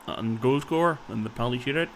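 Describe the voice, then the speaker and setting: Casting: man, mid-pitched, chatty let's-play commentary, thinking out loud. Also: fast talker, a little hiss or hum. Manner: chatty, thinks aloud, tags lines with "so it did" and "like". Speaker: video game player and commentator. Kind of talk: casual gaming commentary.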